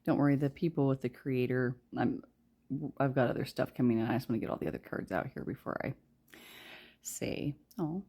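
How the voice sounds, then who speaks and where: A woman giving a casual pick-a-card tarot reading, chatty and rambling, trailing off with fillers and soft laughs, sometimes talking quietly. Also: very deep voice, fairly quick, breathy edge. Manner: speaks softly and quietly at times. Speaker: tarot reader.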